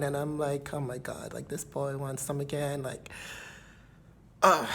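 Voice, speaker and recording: A vlogger telling a personal story in a casual confessional monologue, rambling with lots of fillers and repeated catchphrases, sometimes dropping into breathy near-whispers. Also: mid-range voice. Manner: breathy, dreamy asides that drop to a whisper.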